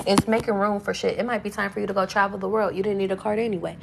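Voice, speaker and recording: Woman tarot reader, mid-pitched, casual and blunt, swears freely, noisy background. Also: steady tone, racing, creaky, few pauses. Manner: casual, blunt and profane, streams intuitive messages. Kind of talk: live tarot reading.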